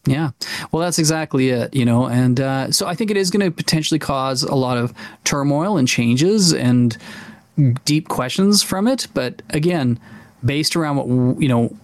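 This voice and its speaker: A man's voice: mid-range voice, animated, normal speed, no echo. A man co-hosting a tabletop gaming podcast, chatting casually and enthusiastically, with many fillers and restarts. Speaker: podcast co-host. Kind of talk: casual chat.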